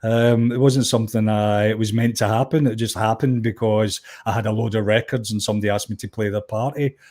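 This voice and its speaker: A man's voice: fairly low pitch, brisk. A middle-aged Scottish man, a musician and DJ, telling anecdotes as an interview guest and acting out the people in his stories. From Scotland. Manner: animated anecdote-telling, acts out quoted voices, frequent restarts. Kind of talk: conversational storytelling.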